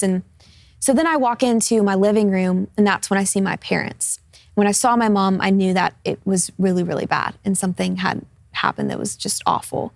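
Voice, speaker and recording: A woman's voice: mid-range voice, steady tone, normal speed, gravelly, no echo. A woman in her twenties, a talk show guest, sharing her personal testimony in an earnest, open way. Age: 20s. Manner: earnest, open, laughs easily in light moments. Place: television studio.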